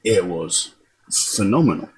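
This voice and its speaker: A man's voice: low voice, sing-song, measured pace, husky, poor audio. A man hosting a music reaction video, giving admiring, loosely paced commentary with frequent ums. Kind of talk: casual commentary.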